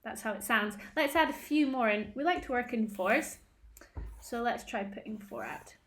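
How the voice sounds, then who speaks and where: A woman from Scotland, a music tutor, teaching a children's rhythm lesson to the camera at home in a slow, clear and encouraging way. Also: fairly high pitch, animated, fairly bright tone, a little hiss or hum.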